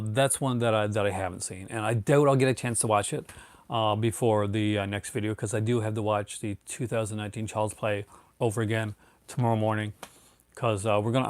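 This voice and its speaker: A man's voice: lowish voice, no echo. A man in his thirties hosting a casual live stream, rambling with many fillers and restarts and calling people "man". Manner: laid-back, says "man" a lot. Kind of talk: casual live-stream chat, answering viewers.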